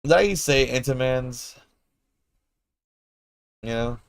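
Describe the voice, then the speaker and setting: A man's voice: medium pitch, takes it slowly, vocal fry, dry recording, clean studio sound. A young man giving casual, rambling commentary while he streams a game, swearing freely and laughing often.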